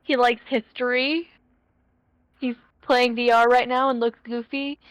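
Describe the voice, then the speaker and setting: A woman's voice: on the high side, level tone, unhurried, rough recording. A young woman chatting candidly with fellow tabletop game players, mocking herself. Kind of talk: casual chat between players.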